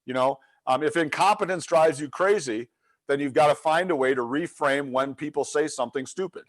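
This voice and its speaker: A middle-aged leadership coach speaks a little fast in a fairly high-pitched voice. During a webinar he spins an animated story, performing the quotes in character.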